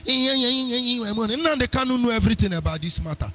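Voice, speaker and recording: A man's voice: very high voice, animated, normal speed, sharp tone. A man hosting a live internet radio talk show, combative and mocking, breaking into sing-song asides. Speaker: radio host.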